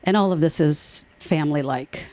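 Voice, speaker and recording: Low-voiced woman giving an emotional speech. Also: normal speed. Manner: emotional, warm storytelling with laughs. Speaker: nonprofit board treasurer. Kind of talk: speech at a public event.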